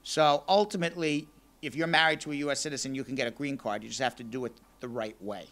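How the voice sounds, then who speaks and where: A hoarse man losing his voice, hosting a live call-in radio show and giving legal advice step by step in a fast, energetic way. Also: mid-range voice. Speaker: immigration lawyer and radio show host.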